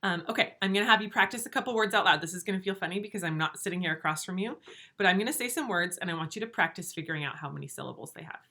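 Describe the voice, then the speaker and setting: A woman teaching first graders a recorded lesson from her empty classroom, speaking slowly, patiently and encouragingly to small children. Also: on the low side, sharp tone. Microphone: camera.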